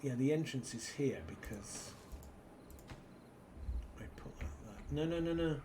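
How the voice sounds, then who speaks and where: A British man chats his way through a let's-play. He drifts between stories and quiet asides to himself, in a voice of middling pitch with a faint hiss of noise under it. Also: animated, measured pace. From Britain. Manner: rambling, muttering to himself between anecdotes. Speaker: gaming channel host. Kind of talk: casual let's-play commentary.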